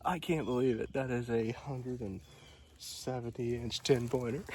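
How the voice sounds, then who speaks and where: A man filming on his phone outdoors in the woods, out of breath, talking in a hushed, awed way with soft exclamations. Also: medium pitch, normal speed, noisy background. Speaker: bow hunter filming his hunt. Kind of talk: casual outdoor vlog talk. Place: outdoors in wooded logging country.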